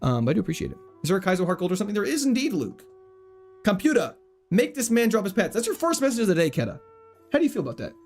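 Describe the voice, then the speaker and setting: A lively man streaming a game from home, cracking jokes and reading chat aloud. His slightly high voice swings all over the place as he talks. Soft music plays faintly behind him. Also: very fast. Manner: jokey, animated, reads chat aloud. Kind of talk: casual livestream commentary.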